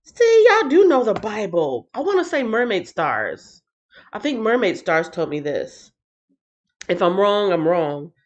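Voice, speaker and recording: A woman's voice: medium pitch, very animated, measured pace. A woman from the northern United States hosting a live stream, chatting casually with viewers and reading the Bible aloud, laughing often. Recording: slightly dull lo-fi stream audio.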